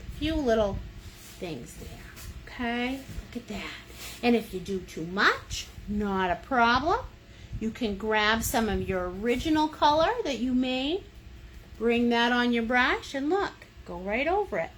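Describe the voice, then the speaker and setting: Bubbly, animated woman teaching painting. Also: a little high, slight background noise. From United States. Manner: chatty, playful, encouraging, sings little sound effects. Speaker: painting instructor. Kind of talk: livestream painting lesson. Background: fan running.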